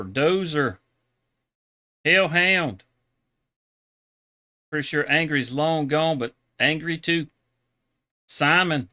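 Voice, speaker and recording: A man hosting a live stream, chatting casually in a relaxed, rambling way and laughing often. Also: fairly high pitch. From Texas. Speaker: livestream host.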